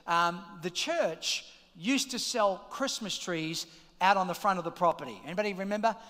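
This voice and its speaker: A middle-aged man preaching a sermon as pastor, energetic and calling out to the congregation in a large church auditorium. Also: high-pitched, normal speed. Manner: energetic, shouting calls to the congregation. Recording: long hall reverb.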